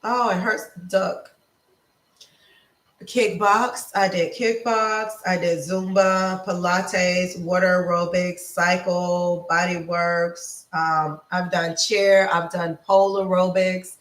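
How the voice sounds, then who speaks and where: A woman life coach giving a casual motivational talk, slow and repetitive in an affirming way. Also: fairly low pitch, flat delivery, roomy sound, distant mic. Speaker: lifestyle coach.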